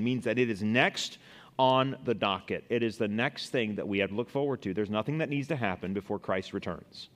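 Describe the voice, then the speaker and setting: A man's voice: medium pitch, normal speed, a bit bright. Pastor guy preaching, mid voice, long hall echo, reads scripture and talks it through. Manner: preaching with Bible readings and everyday examples. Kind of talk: sermon.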